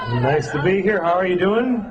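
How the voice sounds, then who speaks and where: A man doing a stand-up set, self-deprecating and animated. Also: high voice, highs cut off. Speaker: stand-up comedian. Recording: live club with loud crowd and noise.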